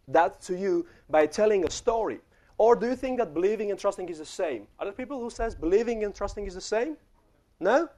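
Young male preacher, high tenor, chatty sermon storytelling that speaks straight to the room. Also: darkish tone. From refugee childhood in the Netherlands. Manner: storytelling, addresses the congregation directly.

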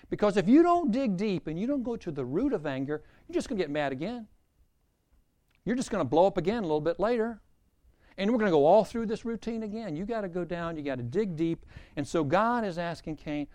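A man's voice: high-pitched, expressive, a little fast, a little mellow. A man preaching a sermon as a pastor, emphatic and repeating key phrases for weight.

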